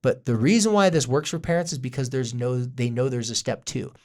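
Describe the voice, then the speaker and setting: A man co-hosting a parenting podcast in casual chat, talking in a lively way and acting out what parents and kids say, with jokey asides. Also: mid-range voice, fairly quick. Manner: animated, acts out parents and kids in quoted voices. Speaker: podcast co-host, parenting therapist.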